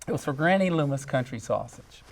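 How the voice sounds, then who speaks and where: A man, a guest jingle composer, telling lively stories with frequent laughs and acted-out voices. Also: medium pitch, brisk, gravelly. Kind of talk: animated storytelling.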